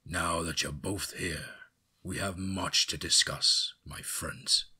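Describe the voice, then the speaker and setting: A man voicing a calm, commanding older man who speaks slowly and gravely over a monitor in a horror story. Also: sits low, heavily acted.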